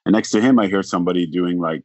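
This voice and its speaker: A man talking as a podcast guest, telling a long story in a rambling way, acting out the other people's lines and filling pauses with "like". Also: low voice, a little mellow, no echo, highs cut off. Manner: rambling, acts out quoted dialogue, frequent "like". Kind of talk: casual storytelling.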